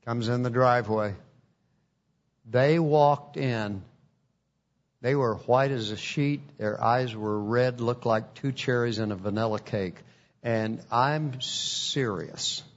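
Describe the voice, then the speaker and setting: A male preacher telling a testimony in an earnest, folksy manner, taking his time over every phrase. His voice sits at an ordinary middle pitch, and the recording sounds dull and lo-fi. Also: slow pace. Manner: earnest, folksy storytelling with acted quotes. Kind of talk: sermon testimony storytelling.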